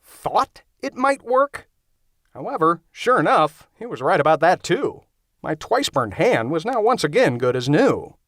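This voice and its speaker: A man reads a horror-comedy audiobook in a wry, conversational first-person style. His pitch is highly animated, rising and falling constantly. The studio recording is close and completely dry. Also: measured pace, no room sound. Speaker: audiobook narrator. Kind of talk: scripted first-person narration.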